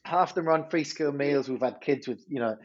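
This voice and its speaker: Husky animated man. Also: a little high, fairly quick, highs cut off. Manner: animated, self-interrupting storyteller with frequent repeats. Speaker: head teacher. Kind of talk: storytelling in a podcast interview.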